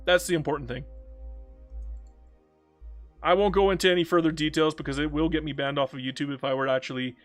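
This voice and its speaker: A man streaming a strategy game, chatting casually with viewers and joking to himself, swinging between loud outbursts and low mutters. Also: fairly even intonation, fast, pauses often, soft background music. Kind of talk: casual live-stream commentary.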